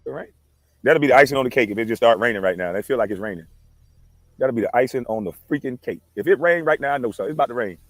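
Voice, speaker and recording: A man talks fast and loose on a livestream, rambling and cursing as he goes. He speaks through a headset outdoors, and the sound is dry and close. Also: mid-range voice, lively intonation, no echo. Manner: rambling, cursing, quick talk. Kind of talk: casual livestream chat. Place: outdoors in the wind.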